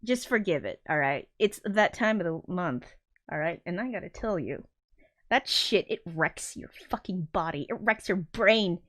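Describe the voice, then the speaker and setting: A woman hosts a casual livestream, talking loosely and mocking herself. Her bright, forceful voice leaps up and down in pitch, and curse words pour out constantly. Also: expressive, normal speed. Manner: swears constantly, rambling and self-mocking. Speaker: livestream host.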